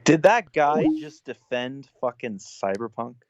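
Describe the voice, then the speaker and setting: A man's voice: medium pitch, expressive, unhurried, no room sound, lo-fi sound. A man calling in, ranting angrily and swearing. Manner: angry, swearing rant. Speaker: caller.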